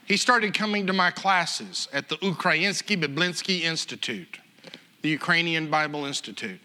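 A man telling a story in a sermon, animated and chuckling as he acts out the other people. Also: on the high side.

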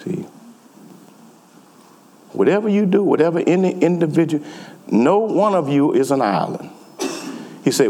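Here a middle-aged pastor with a fairly high voice preaches at a measured pace, leaving long pauses. Recorded in an echoey hall, he tells a story in an animated, emphatic way, repeating his words.

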